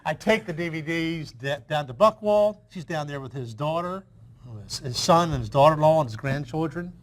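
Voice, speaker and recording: A man's voice: a little high, normal speed. An older man who is the guest in an interview, reminiscing in a chatty storytelling way with frequent restarts.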